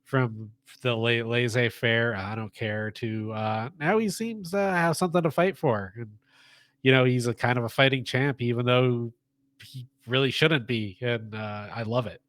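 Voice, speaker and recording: A man with a mid-range voice talks eagerly about wrestling on a podcast. He stumbles over his words now and then as he rushes to get his thoughts out. The recording is dry and close. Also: medium pitch, a bit bright, dry recording. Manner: enthusiastic, chatty, trips over words. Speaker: wrestling show reviewer. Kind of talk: casual podcast chat.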